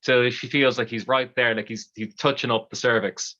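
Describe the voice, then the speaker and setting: An Irish storyteller telling a bawdy comic tale live, lively and conversational. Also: mid-range voice, normal speed, muffled recording.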